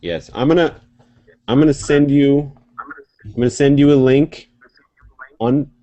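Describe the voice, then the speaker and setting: A man's voice: medium pitch, unhurried, dry recording. A man hosting a casual online talk show over a video call, rambling and joking as he chats. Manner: rambling, jokey, lively. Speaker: web show host. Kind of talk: casual chat.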